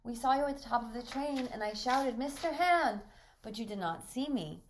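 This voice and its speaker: A woman doing lively eight-year-old boy Archie. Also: on the high side, fairly quick, a little hiss or hum, voice pushed up. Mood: eager. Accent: slight foreign trace. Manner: breathless, chattering.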